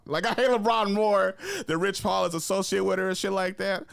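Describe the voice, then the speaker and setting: A man's voice: sits high, a little fast, vocal fry, hardly any pauses, smooth, no room sound, clean studio sound. A man hosting a podcast in casual chat, telling stories and ranting with lots of laughter. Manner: animated, laughing, worked-up rants; conversational storyteller. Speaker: podcast host.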